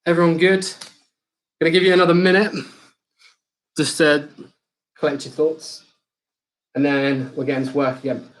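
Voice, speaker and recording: Man, fitness instructor, cheerful coaching cues, slightly high voice, roomy echo. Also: flat delivery, moderate pace, pauses often. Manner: upbeat, instructive cueing with banter. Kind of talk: live online circuit class coaching. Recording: echoey room.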